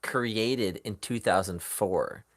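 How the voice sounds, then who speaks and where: A man's voice: lowish voice, slow pace. A man talking on a podcast in a blunt, enthusiastic way, swearing casually as he chats. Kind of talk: casual chat.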